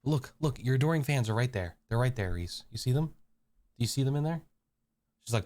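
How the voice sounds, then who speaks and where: A man's voice: medium pitch, expressive, brisk, a little mellow, dry recording. A man live-streaming from a room at home, chatting playfully with his viewers and his cat. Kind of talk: casual live-stream chat.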